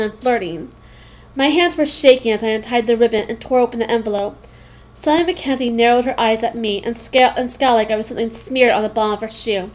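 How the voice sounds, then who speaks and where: A woman reading a children's novel aloud in the first person, lively and expressive, with a few small slips. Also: fairly high pitch. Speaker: reader.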